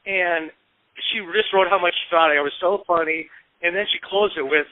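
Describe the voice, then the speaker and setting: A man in his fifties from the American Midwest spins lively anecdotes as a talk show guest, slipping into the voices of the people he quotes. His voice sits a bit high for a man. It comes through thin and phone-like, with a dry, close sound and no room. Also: normal speed, dry recording. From Peoria, Illinois, US. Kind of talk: casual storytelling interview.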